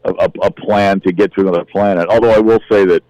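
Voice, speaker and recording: A man's voice: low voice, steady tone, fast talker, dark tone, no room sound, poor audio. A male podcast guest speaking in a blunt, skeptical way, often restarting his sentences. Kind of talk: casual interview chat.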